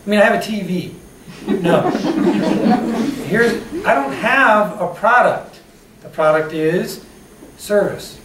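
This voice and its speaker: Here the man's high voice carries lively intonation, but he goes slowly and pauses often. He's motivating an audience about customer service through personal stories and questions, captured from afar in an echoing room with slight hiss.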